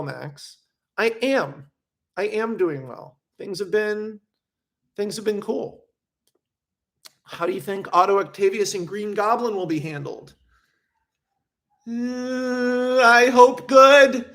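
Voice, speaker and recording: A young man chatting casually on a livestream, reading viewer questions and rambling in an animated way, with frequent swearing. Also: high-pitched, slow, pauses often. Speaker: streamer.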